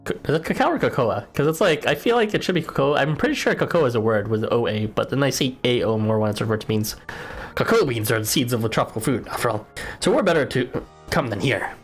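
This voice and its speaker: A man's voice: mid-range voice, sing-song, fast talker, faint music behind. A man casually commenting on a game he plays, joking and rambling in asides. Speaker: game streamer. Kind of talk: casual playthrough commentary and reading game lines aloud.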